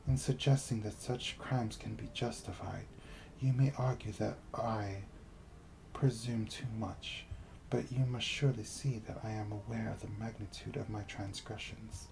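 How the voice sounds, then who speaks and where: A man reading aloud the lines of a grave, guilt-burdened woman leader in a video game, in a measured, somber way. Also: lowish voice, fairly even intonation, creaky, background noise.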